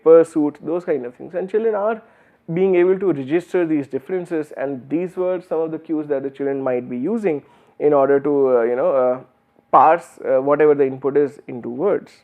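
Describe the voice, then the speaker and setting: A man with an Indian English accent giving a university lecture, explaining patiently with many fillers and restarts. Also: a little high. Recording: phone-like narrow band.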